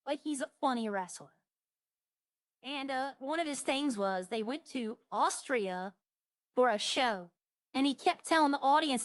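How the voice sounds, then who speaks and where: A woman's voice: sits high, expressive, unhurried, dry recording. A woman chatting casually on a roleplay stream, rambling through funny stories and imitating the people she quotes.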